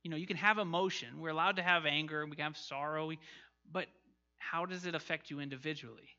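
A man's voice: on the high side, fairly even intonation, quick pace, sharp tone, dull audio. A man teaching an interactive Bible lesson, questioning his class and reading scripture aloud.

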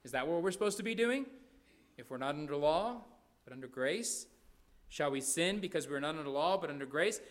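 A man's voice: a little high, expressive, fairly quick. A man preaching a sermon, emphatic, often checking in with "right?" and repeating his points. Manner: repeats phrases and restarts words.

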